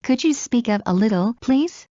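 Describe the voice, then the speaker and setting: A woman reading everyday English phrases aloud one by one, in a measured drill with a pause after each phrase. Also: a little high, animated, mellow, no echo. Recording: dull lo-fi dry recording.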